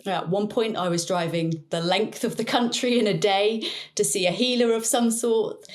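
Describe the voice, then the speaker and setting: A woman guest in an interview, telling her personal story in an earnest, reflective way with soft laughs now and then. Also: mid-range voice. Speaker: interview guest, neuroplasticity coach.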